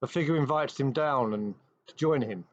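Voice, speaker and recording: Male host, storyteller, measured with dramatic pauses, mid-range voice, dry slightly dull recording. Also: mid-range voice, dry recording. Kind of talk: retelling a TV story.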